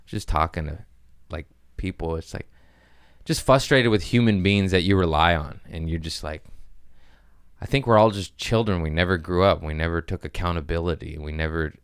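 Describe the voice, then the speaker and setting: A man hosting a comedy podcast, riffing in a rambling, crude way with sudden loud bursts. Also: sits low, normal speed, clear, resonant tone, dry recording, clean studio sound. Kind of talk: casual comedic rant.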